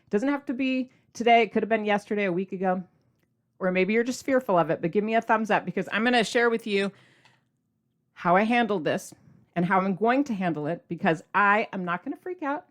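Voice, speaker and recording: A middle-aged woman hosting a podcast, talking to her listeners in an energetic, animated, casual way. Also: medium pitch, a little fast. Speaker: podcast host. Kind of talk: casual motivational podcast monologue.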